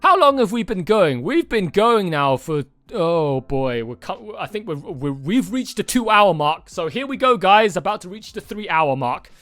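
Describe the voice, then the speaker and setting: A man hosting a movie reaction video, talking excitedly and rambling, with frequent swearing and restarts. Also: sits high, moderate pace, few pauses, dry recording, faint music behind. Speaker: reaction channel host. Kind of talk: casual movie reaction chat.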